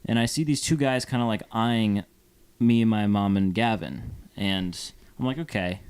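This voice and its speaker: A man's voice: lowish voice, a little slow, a little mellow, smooth. A young man from Phoenix, co-hosting a podcast and telling a story in a casual, rambling way with plenty of fillers. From Phoenix, Arizona. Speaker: podcast co-host. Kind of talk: casual chat.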